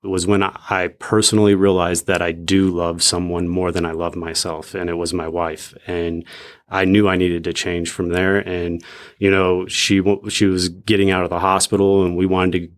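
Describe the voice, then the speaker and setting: A young man as a podcast guest, reflecting in a halting, casual way with lots of "like". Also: sits low, level tone. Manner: reflective, halting, many "like" fillers. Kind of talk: casual faith podcast chat.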